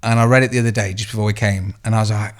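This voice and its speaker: A man's voice: fairly low pitch, racing. A man co-hosting a podcast, chatting casually with crude jokes and laughter. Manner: crude, joking, animated. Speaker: podcast co-host. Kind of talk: casual chat.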